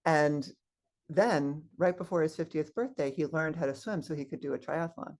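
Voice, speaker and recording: A woman's voice: low voice, moderate pace. A woman guest minister giving a sermon, telling personal stories and acting out the voices of people in them. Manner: animated storyteller acting out quoted voices. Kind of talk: sermon with storytelling.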